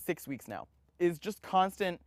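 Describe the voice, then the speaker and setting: A young man in his twenties telling his life story in an interview, animated and full of restarts, acting out the voices of others. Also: sits high, unhurried, dry recording. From United States. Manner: animated, acts out quoted voices, frequent restarts.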